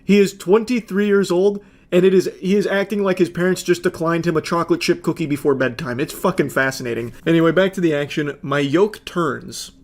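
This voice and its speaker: A man's voice: fairly high pitch, brisk, few pauses. A man giving casual reaction commentary, sarcastic and swearing freely. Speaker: commentary host.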